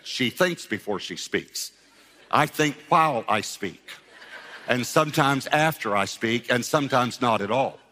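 Animated man preaching in a reverberant hall. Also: mid-range voice. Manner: animated storyteller acting out scripture voices with humor. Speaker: pastor. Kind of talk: sermon.

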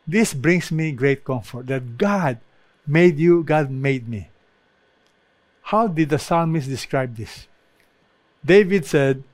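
A man's voice: on the high side, dry recording. A man preaching a sermon as pastor, reading scripture aloud and stressing his points emphatically.

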